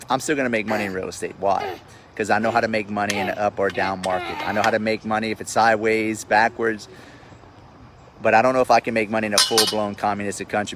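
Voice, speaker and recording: Low-pitched man, blunt profane livestream host, a touch of background hiss. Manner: blunt, profane, repeats himself while riled up. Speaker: real estate investor hosting a live stream. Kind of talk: casual livestream rant. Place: outdoors at sundown. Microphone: phone livestream.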